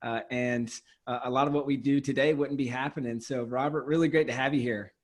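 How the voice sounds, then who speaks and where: A young man hosting a podcast, introducing his guest and asking questions in an eager, halting way. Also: medium pitch, fairly even intonation. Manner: eager, halting, many fillers and restarts. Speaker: podcast host.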